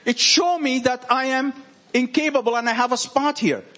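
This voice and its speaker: A man with a French accent preaching informally to a small group, animated and emphatic, repeating his points. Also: very high voice, normal speed.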